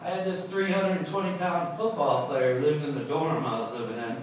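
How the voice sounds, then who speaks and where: A man's voice: a little high, a little fast. A man telling rambling, profane stand-up stories at an open mic night in a bar. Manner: loud, profane, rambling anecdotes. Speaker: stand-up comic. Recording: echoey bar taped from far off, crowd noise.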